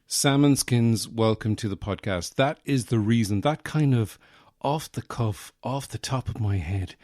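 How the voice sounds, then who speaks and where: A man hosting his own podcast, rambling through a deadpan comic monologue full of mock bragging and fillers. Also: mid-range voice, unhurried, no echo, clean studio sound. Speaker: podcast host, comedian.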